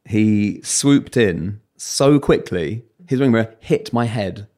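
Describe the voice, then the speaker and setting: A man's voice: fairly low pitch, lively intonation, slow pace, warm tone. A British man and radio presenter, a guest in a casual interview, talking candidly and telling self-mocking stories.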